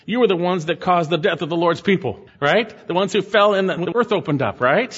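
A man's voice: on the high side, fairly bright tone. A male pastor preaching a sermon, reading scripture aloud and breaking off to comment and exhort his congregation. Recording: muffled sound in a reverberant hall.

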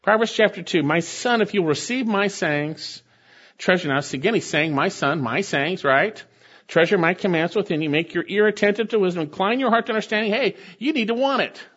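A pastor preaches to his congregation, reading scripture aloud and explaining it through emphatic rhetorical questions. His high-pitched voice is fairly quick and fairly bright, captured on a dull lo-fi recording.

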